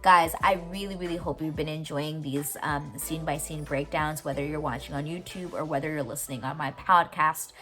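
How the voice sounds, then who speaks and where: A woman's voice: low-pitched, fairly even intonation, fairly quick, hardly any pauses, pushed and bright, soft background music. A woman hosting a podcast, casually recapping a TV episode, gushing and teary as she retells its scenes. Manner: emotional, gushing, retells scenes with quoted lines.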